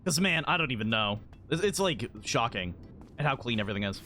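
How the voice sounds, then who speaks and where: A man chatting casually on a live game stream, rambling and giggly, easily excited and full of filler words. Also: medium pitch, a little fast, soft background music. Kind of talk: casual live-stream chat while gaming.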